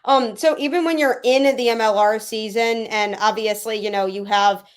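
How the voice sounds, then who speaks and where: A woman's voice: fairly high pitch, steady tone, moderate pace, clean tone. Chatty woman hosting an interview. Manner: chatty, enthusiastic, uses "like" often. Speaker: podcast host. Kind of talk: casual interview chat.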